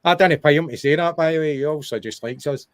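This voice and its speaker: Speaking fast in a fairly high-pitched voice with no echo, a young Scottish man co-hosts a podcast and rambles casually about football. His chatter is full of restarts and wee asides.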